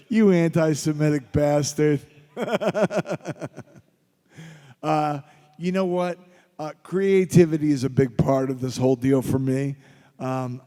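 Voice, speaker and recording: A man's voice: mid-range voice, dark tone. Joking man in a reverberant hall. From Philadelphia. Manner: rambling, joking anecdotes with laughs. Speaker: convention guest actor. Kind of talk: convention panel Q&A storytelling. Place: convention panel room.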